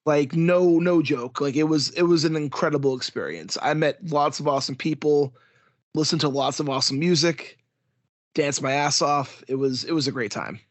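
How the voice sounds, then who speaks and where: A man's voice: on the high side, moderate pace, dry recording. Strained-voiced man, dry close sound. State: strained voice from yelling. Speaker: podcast host. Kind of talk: casual podcast chat.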